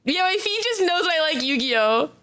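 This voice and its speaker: A young woman on a live stream, talking in a high, bright voice that leaps all over the place. She is excitable, laughs often and swears casually while reacting to clips. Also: normal speed. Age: young adult.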